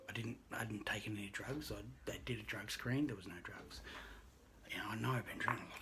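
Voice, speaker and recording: A man who works as a registered nurse, telling a personal story in an earnest, halting way that often drops to a hushed near-whisper. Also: on the low side, noisy background. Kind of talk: personal story told to camera.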